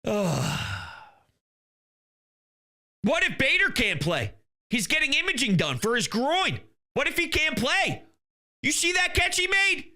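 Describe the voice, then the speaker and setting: A young man hosting a sports talk show, ranting heatedly with bursts of shouting. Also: very high-pitched, big pitch swings, slow pace, long pauses.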